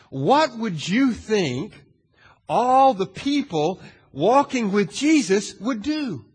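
A male pastor preaching a sermon in a dramatic way, asking the audience questions and swinging from hushed to loud. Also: high voice, very animated, slow pace, breathy edge. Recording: long hall reverb.

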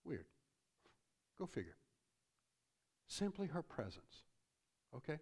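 A middle-aged male pastor delivers a sermon with a high, lively voice that swings up and down. He repeats himself and tags his points with "see?". His delivery is loose and conversational, as if speaking from the pulpit of a church. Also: moderate pace. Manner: animated preaching, repeats phrases, tag questions like "see?".

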